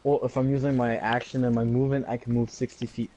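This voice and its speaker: A man's voice: mid-range voice, little pitch movement, fast talker, warm tone, dull audio. A young man playing a tabletop game, talking animatedly, swearing and getting exasperated. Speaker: player. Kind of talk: casual tabletop play.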